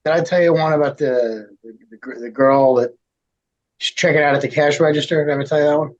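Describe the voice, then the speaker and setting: A man's voice: on the high side, fairly even intonation, fast talker, dull audio. A man on a casual podcast, rambling through a joke and teasing the host. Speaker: podcast guest.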